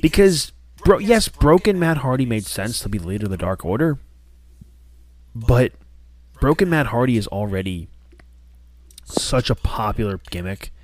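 A man co-hosting a casual podcast chat, talking in an animated, rambling way with many restarts. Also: medium pitch, normal speed, no echo. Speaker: podcast co-host.

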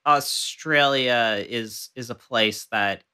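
Bright-voiced male podcast host. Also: medium pitch, clean tone. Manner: measured when reading, loose with fillers when chatting. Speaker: podcast co-host and tour guide. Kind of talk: casual chat and reading aloud from a historical account.

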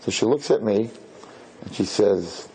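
A man, a rabbi, giving an inspirational talk to an audience, telling a story with lively acted-out dialogue and Hebrew and Yiddish terms. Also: lowish voice, measured pace, a little hiss or hum. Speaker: rabbi and speaker.

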